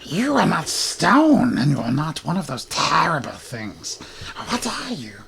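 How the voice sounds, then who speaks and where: A jittery little goblin fellow chatters in a high, bouncing voice, as a man puts him on. He is curious about everything and pokes at strangers with eager questions. A faint hiss sits under the voice. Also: huge pitch swings, unhurried, gravelly, a bit bright, full character voice. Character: twitchy small male goblin, curious and eager.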